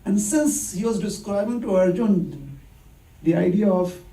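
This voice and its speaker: A man preaching in a relaxed, storytelling way, full of rhetorical questions and little acted-out exchanges. His voice sits high but sounds deep and mellow in tone. He is recorded from a distance in a roomy, echoing hall. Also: unhurried, vocal fry. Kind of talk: conversational sermon. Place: temple hall. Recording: echoey hall, distant mic.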